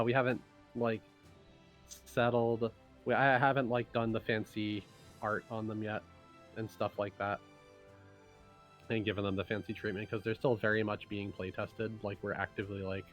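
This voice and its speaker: Low-pitched male designer, casual stream host, rambling explainer, faint music bed. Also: fairly even intonation, moderate pace, long pauses, dull audio. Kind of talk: casual livestream chat.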